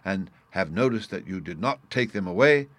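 Kindly old earl in a storybook, gets worked up fast, guy reading him, a bit louder. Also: low voice, expressive, no echo. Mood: excited.

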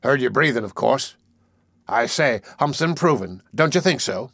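A man's voice: mid-range voice, expressive, moderate pace, vocal fry, a bit bright, breathy edge, dry recording, clean studio sound, heavily acted. Man voicing a sneering, domineering sea captain. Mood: mocking. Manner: threatening, sardonic. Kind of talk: audiobook character voice.

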